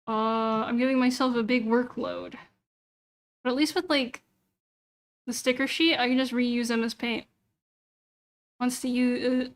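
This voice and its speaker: A young woman streamer chatting casually on a livestream, muttering to herself as she browses and swearing freely. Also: high-pitched. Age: young adult. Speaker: VTuber streamer.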